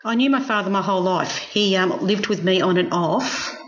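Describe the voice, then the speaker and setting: A woman's voice: mid-range voice, normal speed. Frank, laughing woman. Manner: frank, self-mocking, laughs often. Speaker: guest. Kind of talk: personal storytelling interview. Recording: slightly dull lo-fi sound.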